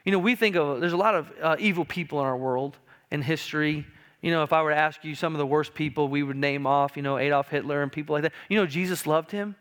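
A male pastor preaching a sermon in a church, emphatic and repetitive, slowing down on key lines and building louder toward urgent points. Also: a little high, clear, resonant tone. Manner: emphatic preaching, repeats key phrases and often says "listen". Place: church sanctuary.

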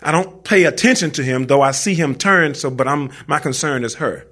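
A man's voice: a little high, moderate pace, a bit bright. Slangy man telling a story on stage. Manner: casual slangy conversational telling, talks straight to the audience. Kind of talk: live personal storytelling on stage.

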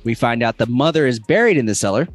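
A man's voice: mid-range voice, animated, quick pace. Man rambling through a movie recap. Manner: rambling, filler-heavy retelling. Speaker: podcast co-host.

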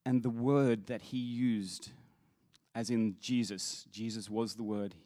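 A man with a lowish voice leads worship and speaks earnestly, breaking off into restarts, then lifting into emphatic recitations of scripture. The sound is dry and close, with little room around it. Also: steady tone, slow, mellow, dry recording. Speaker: worship leader. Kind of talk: sermon-style talk.

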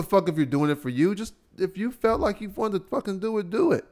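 A man's voice: high voice, lively intonation, brisk, few pauses, a little mellow. Profane man ranting on his podcast. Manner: profane, exasperated ranting with mocking impressions. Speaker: podcast host. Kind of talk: solo podcast rant.

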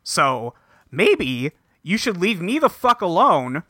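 A man's voice: sits high, very animated, slow, bright, forceful tone, no echo, clean studio sound, heavily acted. A man voicing a cold, arrogant young male villain student in a dismissive, menacing tone. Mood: threatening.

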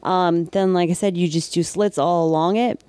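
New Jersey-accented effects artist, mellow, dry. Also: mid-range voice, fairly even intonation, normal speed, clean tone, dry recording. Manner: chatty, many filler ums. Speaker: special effects makeup artist, co-host. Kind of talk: casual shop talk.

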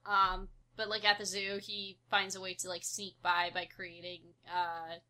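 A woman co-hosting a relaxed film chat, her bright, sharp voice full of "like" and quick outraged bursts. She talks about dogs with real enthusiasm. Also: mid-range voice. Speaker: podcast co-host. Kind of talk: casual movie discussion.

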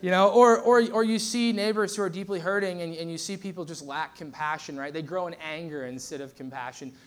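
A man's voice: on the high side, fairly quick. A man preaching a conversational sermon as pastor, telling stories with lots of fillers and restarts.

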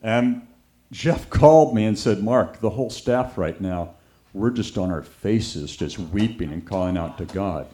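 Preaching at a measured pace in a fairly low voice, a man recounts a story through lively anecdotes, taking on the voices of the people he quotes.

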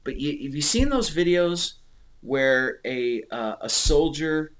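A man in casual conversation about faith, rambling and restarting, animated and emotional as he speaks. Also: fairly high pitch, slow. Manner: rambling, animated, repeats words.

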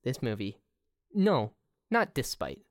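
A woman co-hosting a casual movie podcast, relaxed, agreeing easily and laughing quietly. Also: extremely low pitch, takes it slowly, dry recording, studio quality. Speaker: podcast co-host. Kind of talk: casual movie-review chat.

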